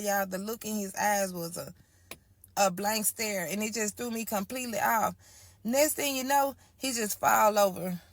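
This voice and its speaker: A young woman telling a personal story in casual storytime style, acting out the quoted voices with sudden high cries and calling her listeners y'all. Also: fairly bright tone, no echo.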